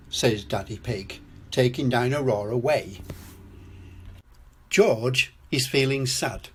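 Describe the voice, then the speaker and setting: An older man reads a children's picture story aloud, slow and gentle. His husky voice rises and falls in lively storyteller melody. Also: medium pitch. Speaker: storyteller grandad.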